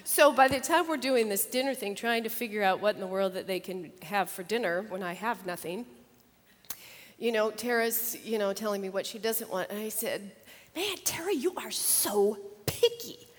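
An older woman, a grandmother, chatting about her grandchildren and then teaching a Bible lesson, animated and laughing as she tells stories. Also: mid-range voice, normal speed, in a large hall. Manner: chatty, animated, acts out children's voices with laughter. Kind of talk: casual storytelling and Bible lesson.

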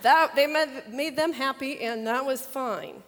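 An older woman with a fairly high voice tells homely stories about her grandchildren, then moves into a Bible lesson. She talks in a chatty, animated way and acts out the children's lines. Her voice carries a long reverb, as in a hall. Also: measured pace. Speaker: Bible study teacher. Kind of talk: casual storytelling and Bible lesson.

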